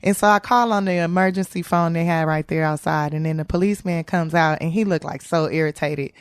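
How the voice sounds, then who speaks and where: Animated, profane woman telling her story. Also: on the low side, a little fast, clean tone, dry recording, clean studio sound. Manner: slangy casual speech. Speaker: guest comedian. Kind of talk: candid storytelling interview.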